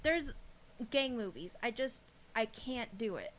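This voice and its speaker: A woman co-hosting a casual podcast, her voice bright and sitting a little high. She talks in an animated, emphatic way and swears freely. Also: a little slow, slight background noise. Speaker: podcast co-host.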